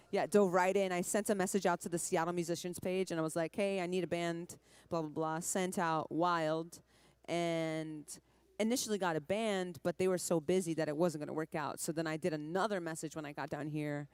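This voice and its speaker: A woman's voice: lowish voice, steady tone, a little mellow, clean tone, dry recording. A woman in her twenties from Trinidad, a musician chatting in an interview with a light Caribbean touch under an American accent, laughing often. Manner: chatty, laughing, quick asides. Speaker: musician guest. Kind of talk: casual interview chat.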